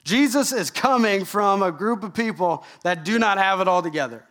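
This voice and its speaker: Animated man preaching a sermon. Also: sits high, moderate pace. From Canada. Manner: animated storytelling with rhetorical questions. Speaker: pastor.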